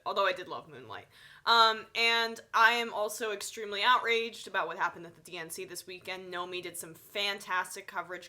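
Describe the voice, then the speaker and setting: A woman's voice: fairly low pitch, pushed and bright. A woman with a stuffy nose giving sarcastic, opinionated live political commentary, full of fillers. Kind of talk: live online news commentary.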